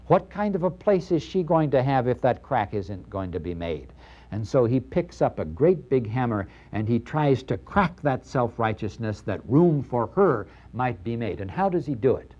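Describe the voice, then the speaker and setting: An older man giving a lecture on scripture, animated and acting out the dialogue in dramatic voices. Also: medium pitch. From Middle East. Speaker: lecturer on the New Testament. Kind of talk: university-style lecture.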